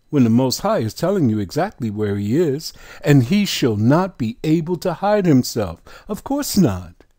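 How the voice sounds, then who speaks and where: A male preacher giving a Bible teaching in a deliberate, emphatic sermon style, stretching out key words. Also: fairly low pitch, dark tone, no room sound, clean studio sound.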